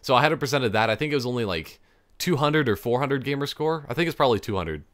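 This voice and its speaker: A man's voice: medium pitch, lively intonation, fast, a bit bright, no room sound, clean studio sound. A young man chatting casually on his own podcast, rambling and interrupting himself, now and then laughing at his own jokes. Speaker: podcast host. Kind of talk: casual solo podcast chat.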